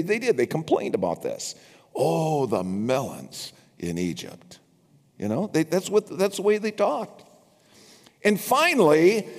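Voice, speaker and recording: Slow, lively older male preacher. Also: high-pitched. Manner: animated, wry asides to the congregation. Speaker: pastor. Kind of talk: sermon. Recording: long reverb from a large hall.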